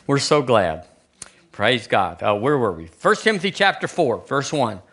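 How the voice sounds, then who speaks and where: A man's voice: medium pitch, sing-song, a little slow, fairly bright tone. A man preaching a conversational sermon in a church, asking the congregation rhetorical questions. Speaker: pastor. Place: church sanctuary.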